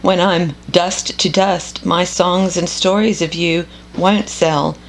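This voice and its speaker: Female scripture reader, measured and contemplative, gravelly voice with faint hiss behind. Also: fairly low pitch, steady tone, poor audio. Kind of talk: slow devotional scripture reading.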